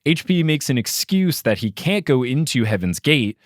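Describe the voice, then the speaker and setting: A man hosting a podcast, recapping a story in a casual, animated way and reading quotes with playful emphasis. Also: on the high side, moderate pace, no echo, studio quality. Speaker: podcast host.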